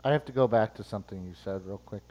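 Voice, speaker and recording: A man's voice: on the low side, racing, darkish tone, dull audio. A man co-hosting a comedy show who teases and needles the others in casual banter. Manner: teasing, needling. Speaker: co-host.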